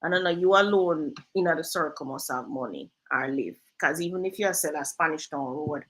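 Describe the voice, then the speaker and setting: A woman hosting a casual real estate chat, telling lively stories and slipping into patois. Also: low-pitched, moderate pace, low-quality recording. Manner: lively storyteller, drifts into patois. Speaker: real estate agent and host.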